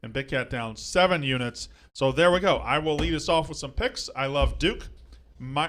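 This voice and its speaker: A man hosting a casual sports betting show, rattling off picks and results in a brisk, joking way. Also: a little high, expressive, a bit bright.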